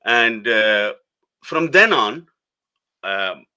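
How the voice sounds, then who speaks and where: A middle-aged man, a guest telling a personal story in a halting way, restarting phrases. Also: lowish voice, lively intonation, clear, resonant tone. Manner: halting, restarts phrases, soft laughs between words.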